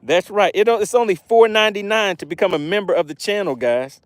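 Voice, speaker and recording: Excitable man hosting a fishing stream. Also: sits high, a little fast, no echo. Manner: excitable, exclaiming often; chatty and promotional. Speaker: fishing livestream host. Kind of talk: live stream commentary, reading chat aloud.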